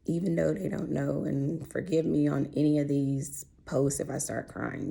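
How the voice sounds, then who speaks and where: Low gravelly woman, heartfelt. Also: little pitch movement, moderate pace, hardly any pauses, mellow. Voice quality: voice going in and out. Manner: heartfelt, chatty storytelling with quoted voices. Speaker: vlogger. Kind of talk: personal health vlog.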